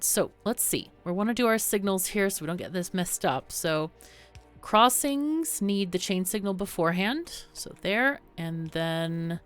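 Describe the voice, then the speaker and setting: Slightly hoarse woman narrating gameplay. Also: on the low side. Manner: chatty and thinking aloud, with fillers. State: slightly hoarse, losing her voice. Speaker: game tutorial host. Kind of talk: casual gameplay commentary. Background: faint background music.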